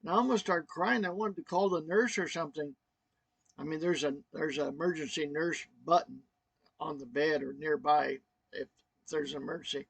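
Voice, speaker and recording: A man vlogging a personal story, halting and emotional, choked up, with many fillers and restarts. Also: fairly high pitch, vocal fry, a bit bright, breathy edge, no room sound.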